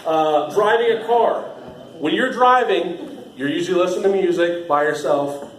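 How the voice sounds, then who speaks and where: A man's voice: sits high, moderate pace. Laid-back man, echoey room. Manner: laid-back, rambling, laughs often, many fillers. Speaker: haunt trail actor training new staff. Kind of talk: casual training talk. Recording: echoey room with faint ambient noise.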